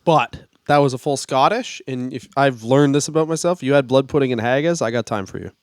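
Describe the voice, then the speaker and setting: Laid-back man with a smooth voice. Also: mid-range voice, a little fast, dry recording, studio quality. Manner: laid-back, storytelling, swears casually. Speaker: podcast co-host. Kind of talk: casual comedic chat.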